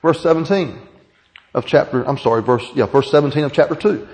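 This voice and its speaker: A man's voice: a little high, lively intonation, a little fast, darkish tone, big-room sound. A male pastor preaching a sermon in church, repeating key lines for emphasis and acting out quoted voices.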